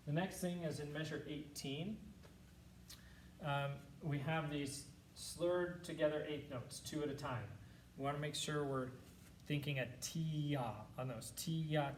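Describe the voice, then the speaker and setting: A man's voice: on the high side, a little hiss or hum. A man teaching a band practice lesson, patiently explaining and counting and singing rhythms aloud to demonstrate. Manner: patient, encouraging instruction.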